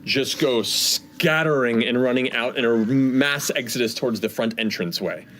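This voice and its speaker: A man's voice: medium pitch, normal speed, a bit bright, slight background noise. A man narrating a tabletop game as game master, describing scenes with many fillers.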